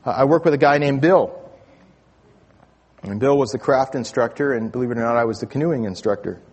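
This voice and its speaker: A man's voice: mid-range voice, brisk, darkish tone. A man preaching a sermon in a church, telling stories in a conversational way with frequent restarts. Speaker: pastor. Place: church sanctuary. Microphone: stage microphone with sound booth. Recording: long church reverb.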